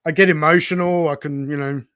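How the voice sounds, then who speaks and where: A man's voice: fairly high pitch, fairly even intonation, a little fast, fairly bright tone, no room sound, studio quality. A man guesting on a casual livestream, candid and self-deprecating, laughing often. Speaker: guest toy channel host.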